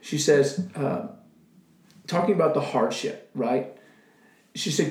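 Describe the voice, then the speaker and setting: A man tells his missionary story with deep sincerity, slipping into the prayers he once prayed. His voice sits a little high. The room around him rings noticeably. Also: takes it slowly, long pauses, a little mellow, echoey room. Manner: earnest, emotional storytelling, acts out his own prayers. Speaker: missionary guest. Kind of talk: testimony in casual conversation.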